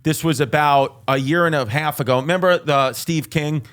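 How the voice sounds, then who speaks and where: A man hosting a casual chat, joking and rambling with quick asides, recorded in a green room. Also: a little high, a bit bright. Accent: New York. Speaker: podcast host.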